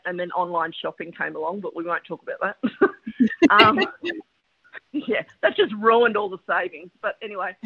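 A middle-aged woman, a guest telling stories about her teaching career in a lively, animated way. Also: medium pitch. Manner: animated, lively storyteller with quick laughs. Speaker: podcast guest, educator. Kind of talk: storytelling interview chat. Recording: tinny phone line.

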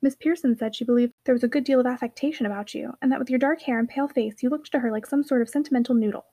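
A woman voicing a quiet, earnest little girl who answers plainly in a storybook reading. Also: fairly high pitch, racing.

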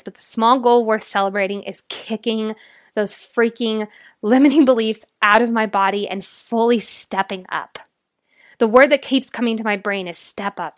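A woman's voice: mid-range voice, fairly bright tone, no room sound. Brief: young woman life coach, solo podcast host, heartfelt and motivational, dry close mic. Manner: earnest, emotional, motivational.

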